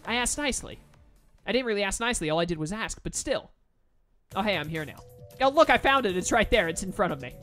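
A man's voice: high voice, lively intonation, fast, a bit bright. A man giving casual, jokey commentary while playing a video game. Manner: laid-back, jokey, says "dude". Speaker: let's-play gamer. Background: faint game music.

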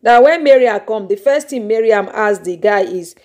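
A woman's voice: mid-range voice, animated, moderate pace, darkish tone. Dramatic Nigerian woman spilling gossip. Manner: dramatic exclamations, rambling retelling. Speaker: YouTube gossip vlogger. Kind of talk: animated gossip storytelling. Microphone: microphone.

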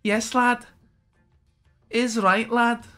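A man's voice: very high voice, flat delivery, very slow, pushed and bright, soft background music, pitched above the performer's own voice, full character voice. A man voicing a cheeky Liverpool lad in an exaggerated Liverpool accent.

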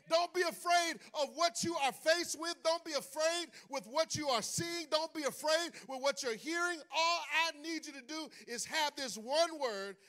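A male pastor preaching a sermon in a church, swinging from hushed asides to sung, shouted calls to the congregation. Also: very high-pitched. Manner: preaching with call-and-response, rising into sung shouts. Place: church sanctuary.

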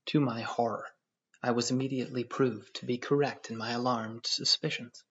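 A man narrating an audiobook in a measured storytelling manner. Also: medium pitch, steady tone, a bit bright, breathy edge. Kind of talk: scripted narration. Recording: dull lo-fi audio.

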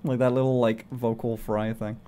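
A man's voice: mid-range voice, level tone, normal speed, a crowd in the background. A young man streaming, chatting casually in a playful, swearing way and laughing often. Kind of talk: casual livestream chat.

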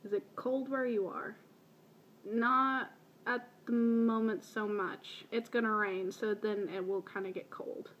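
Answering questions in a voice meme, this early-twenties video blogger from Baltimore sounds fairly high and even, taking her time. Her light, shifting Baltimore accent comes through casual, self-deprecating chatter, and the sound is lo-fi.

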